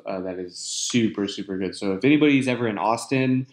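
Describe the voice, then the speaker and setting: A man's voice: lowish voice, a little fast. Laid-back man, echoey room. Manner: rambling, filler-heavy, steering the talk. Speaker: podcast host. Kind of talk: casual podcast chat. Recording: roomy echo.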